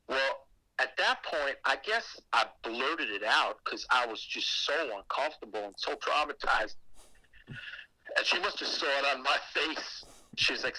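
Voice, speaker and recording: A man telling a creepy personal story on a podcast in a casual, animated way, swearing often. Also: mid-range voice, moderate pace, dry recording, rough recording. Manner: animated and heavily profane, with acted asides. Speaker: guest telling a ghost story.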